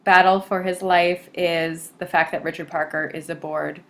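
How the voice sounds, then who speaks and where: Female lecturer, lower register, hesitant delivery with frequent fillers. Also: fairly even intonation, moderate pace, gravelly, fairly bright tone. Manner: hesitant, many filler sounds. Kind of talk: recorded literature lecture.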